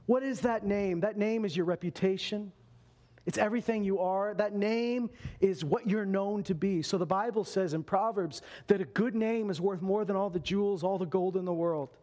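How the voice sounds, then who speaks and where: Male pastor, high voice, animated sermon delivery. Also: moderate pace. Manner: animated preaching, acts out quotes.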